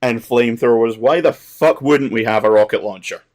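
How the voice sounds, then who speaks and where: A man in casual podcast chat who riffs on a film with dry sarcasm and plenty of cursing. His voice sits at an ordinary middle pitch, and his delivery is loose and amused. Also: normal speed, darkish tone. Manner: wry, sarcastic and profane asides, laughs often. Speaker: podcast co-host.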